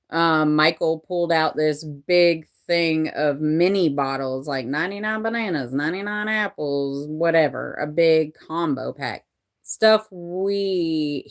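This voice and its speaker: Woman, 40s, low voice, candid personal storytelling, rambling, swears freely. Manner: rambling and candid, with frequent profanity and restarts. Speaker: vlogger telling a personal story.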